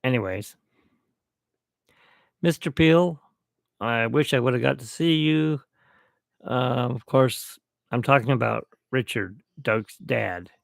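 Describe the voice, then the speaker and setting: Slow, gravelly man rambling on a podcast. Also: medium pitch, dry recording, studio quality. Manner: rambling, reminiscing, with restarts. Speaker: podcast host. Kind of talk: rambling solo podcast toast. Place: at home, alone.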